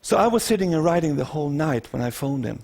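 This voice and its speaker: Swedish guy telling a story on stage, voice a bit high, does little acted quotes. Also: animated, fast talker, creaky, a little mellow. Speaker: keynote speaker. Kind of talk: storytelling talk to an audience.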